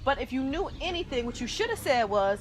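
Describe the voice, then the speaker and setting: Animated woman telling a story. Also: high voice, a little fast, a little hiss or hum. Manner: animated, dramatic retelling with loud acted-out quotes. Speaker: vlogger. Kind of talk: storytelling vlog.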